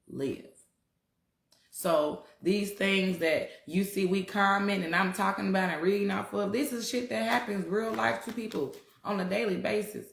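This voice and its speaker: A woman's voice: medium pitch, vocal fry, fairly bright tone. Blunt, profane woman in a roomy space. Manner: blunt and profane, talks to viewers directly. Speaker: spiritual talk host. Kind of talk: casual livestream talk.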